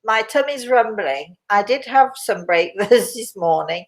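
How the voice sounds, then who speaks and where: A woman's voice: mid-range voice, expressive, unhurried, a crowd in the background. Chatty older British woman hosting. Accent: British English. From Britain. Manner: chatty, rambling, laughs often. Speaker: host. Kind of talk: casual livestream chat with audience questions.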